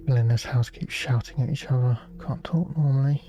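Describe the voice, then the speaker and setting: A man's voice: medium pitch, steady tone, a little fast, faint music behind. A man giving wry, offhand commentary while playing a game. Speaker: gamer. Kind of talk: let's play commentary.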